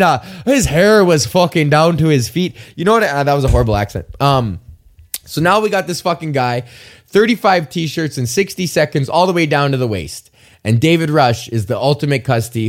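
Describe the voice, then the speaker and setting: A man hosting his own podcast alone, ranting and rambling with lots of profanity and self-deprecating asides. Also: mid-range voice. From Canada. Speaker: podcast host. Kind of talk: rambling solo podcast rant.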